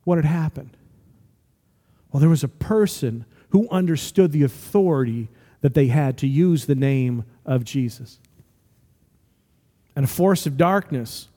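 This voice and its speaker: A man preaching a sermon with a fairly high voice, his words ringing out in a long hall reverb. He tells stories and climbs into emphatic, rising appeals. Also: animated, a little slow, pauses often, mellow. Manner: storytelling with emphatic, rising exhortations. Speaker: pastor.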